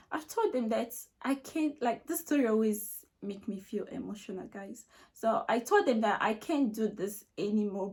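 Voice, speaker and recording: A woman's voice: fairly high pitch, darkish tone. A young Nigerian woman with a Nigerian accent, emotionally retelling a personal story to camera in a repetitive, filler-heavy way. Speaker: vlogger.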